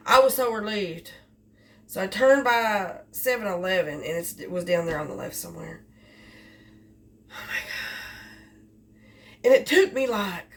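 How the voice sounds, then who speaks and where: A woman telling a rambling story about her delivery job, repeating herself as she goes. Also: medium pitch. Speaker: delivery driver. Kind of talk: casual storytelling vlog. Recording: distant mic with faint background noise.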